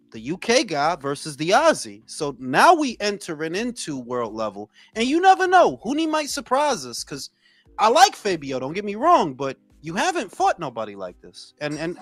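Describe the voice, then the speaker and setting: A man from Los Angeles co-hosting a casual boxing talk stream, animated and cursing freely, with bits of Spanish. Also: sits high, dry recording. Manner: animated, swears a lot, drops Spanish phrases. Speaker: boxing talk show co-host. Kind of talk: casual live stream banter.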